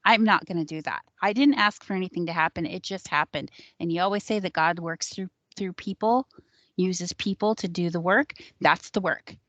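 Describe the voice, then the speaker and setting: A woman's voice: fairly low pitch, moderate pace, fairly bright tone, no echo. A woman recounting a personal experience in a casual, conversational way, with frequent ums and likes. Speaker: psychic sharing her experiences on a panel show. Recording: dull lo-fi sound, dry.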